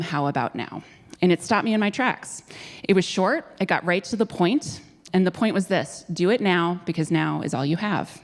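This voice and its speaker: Live-event host: woman, lower voice, chatty and upbeat, in a hall with long reverb. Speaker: guest host. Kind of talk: live stage interview. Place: theater stage before an audience.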